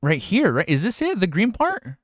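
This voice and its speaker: A young man streaming live, reacting excitedly with lots of swearing and laughing at himself. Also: high-pitched, normal speed, dry recording, clean studio sound. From United States.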